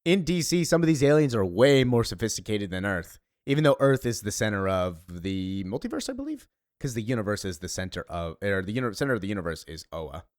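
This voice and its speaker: A man's voice: lowish voice, big pitch swings, fairly quick, dry recording, studio quality. A man giving chatty, loose commentary on a comic he reads along, with fillers and asides. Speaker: comic book reviewer.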